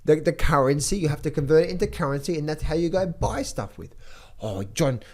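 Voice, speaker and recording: A man's voice: fairly high pitch, fast talker, a little mellow. A man giving casual market commentary as a trading educator, blunt and rambling, with many repeated words.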